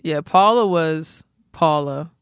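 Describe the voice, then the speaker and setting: A woman's voice: low-pitched, clear, resonant tone, dry recording, clean studio sound. Playful woman co-host in casual chat. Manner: playful, quick asides, sings snatches of a theme song. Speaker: podcast co-host.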